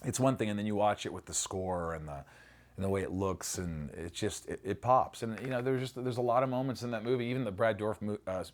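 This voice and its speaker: Animated middle-aged man, lowish voice. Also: quick pace. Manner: animated storyteller, swears freely, acts out lines. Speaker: actor being interviewed. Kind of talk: casual interview reminiscing.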